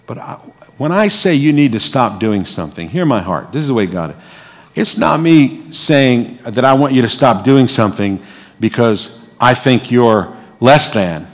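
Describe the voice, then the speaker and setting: Preacher with hall reverb, dramatic swings. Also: male voice, medium pitch, animated, normal speed. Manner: dramatic, swings from hushed to loud. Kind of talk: sermon.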